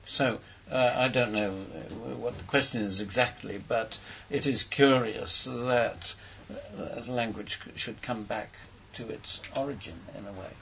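A man's voice: mid-range voice, unhurried, vocal fry, hardly any pauses, a bit bright, slight background noise, poor audio. An older man, a poet on a panel, telling anecdotes in a hesitant way and repeating his words. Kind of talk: casual panel discussion.

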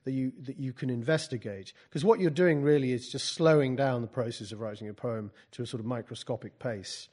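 A man leading a poetry class talks in halting bursts, often restarting and repeating words, and drops dry, wry asides. He moves between loose teaching talk and reading aloud from his own book. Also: mid-range voice, darkish tone.

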